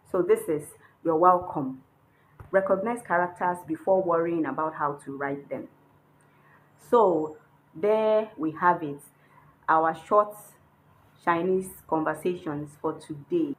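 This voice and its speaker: Female teacher for a beginners' lesson, unhurried and patient, checks in with listeners often, light noise behind. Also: lowish voice, rough recording. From Nigeria. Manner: patient, checks in with frequent "hmm?". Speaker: Chinese language teacher. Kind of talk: online lesson, explaining while writing characters.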